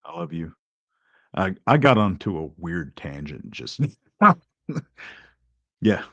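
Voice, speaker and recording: Rambling Texan man, lively pitch. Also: takes it slowly, muffled recording. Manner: rambling, laughs often, gets worked up. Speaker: host. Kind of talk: casual live-stream chat.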